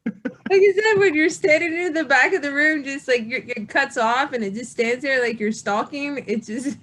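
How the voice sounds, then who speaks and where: A middle-aged woman and parent telling lively stories with lots of laughter in a casual video-call chat. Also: high voice, moderate pace.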